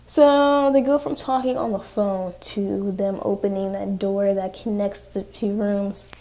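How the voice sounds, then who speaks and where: Young woman, warm mellow voice, chatty profane TV recapper. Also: mid-range voice, steady tone, a little slow. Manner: chatty, profane, sarcastic asides. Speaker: TV recap vlogger. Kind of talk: casual episode recap.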